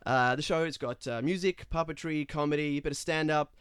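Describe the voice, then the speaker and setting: An upbeat, chatty man from Toronto selling his fringe show. His voice is bright and crisp, dry and close to the mic. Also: a little high, a little fast, no room sound. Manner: upbeat and chatty, with many likes. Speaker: theatre performer guest.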